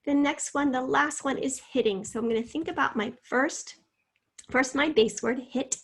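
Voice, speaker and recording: A woman teaches a recorded spelling lesson, breaking each word into syllables with patient, step-by-step explanations. Her voice sits a little high and has a slightly husky edge. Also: moderate pace, a bit bright.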